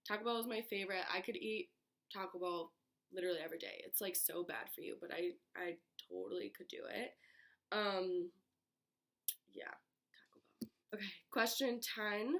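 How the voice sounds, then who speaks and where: A young woman from Michigan, raspy from being sick, chatting casually on her bedroom floor into a laptop. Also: medium pitch, moderate pace, fairly bright tone. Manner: chatty, many filler "like"s. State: getting over being sick. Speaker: vlogger. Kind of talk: casual chat.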